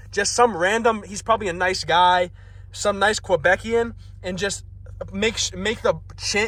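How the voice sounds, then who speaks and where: A man's voice: sits high, bright, forceful tone. A young man vlogging, telling a comedic story in an exasperated, profane, self-mocking rant.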